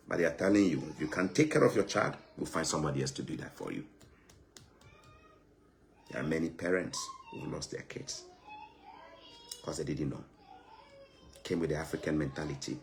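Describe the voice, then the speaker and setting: Ghanaian guy vlogging, deep voice, drops into pidgin, lively and chatty, bit of hiss behind. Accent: Ghanaian English with Pidgin. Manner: animated, mixes in Pidgin, laughs often. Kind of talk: casual chat to camera.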